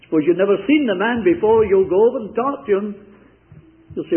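High-voiced Scottish preacher, tinny recording. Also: male voice, animated, fairly quick. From Scotland, near Hamilton. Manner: earnest, conversational storytelling with direct address to listeners. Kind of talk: sermon.

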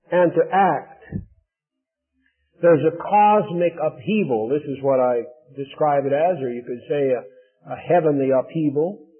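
A man preaching a sermon in an earnest, explanatory way, building emphasis as he goes. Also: a little high. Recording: tinny phone-like audio.

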